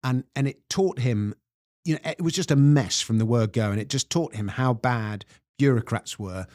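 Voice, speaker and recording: A man's voice: medium pitch, normal speed, darkish tone, no echo, clean studio sound. A man with an English accent, a guest author explaining history in a podcast interview with storytelling emphasis. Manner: storytelling, reads quotes aloud with emphasis.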